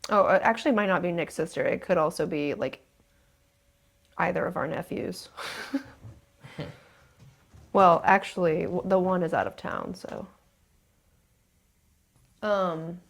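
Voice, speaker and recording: A woman hosting a live stream, chatting casually indoors and quickly thanking viewers. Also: lowish voice, gravelly. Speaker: livestream host. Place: indoors in an old house.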